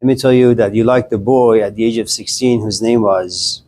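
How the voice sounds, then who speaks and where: A man voicing a wise older woman seer who speaks with gentle, matter-of-fact certainty in a told story. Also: lowish voice, steady tone, moderate pace, lightly acted. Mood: knowing.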